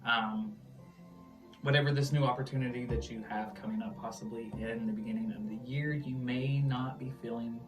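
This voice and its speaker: A man with a Midwestern accent co-hosting a tarot reading, loose and joking, laughing often and swearing casually. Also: medium pitch. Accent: Midwestern American. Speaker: tarot reader, co-host. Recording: distant mic with music underneath.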